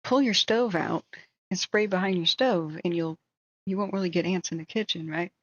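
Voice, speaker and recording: A woman quoting her careless female neighbor in a higher, breezy, dismissive voice. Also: normal speed, fairly bright tone, no room sound, lo-fi sound.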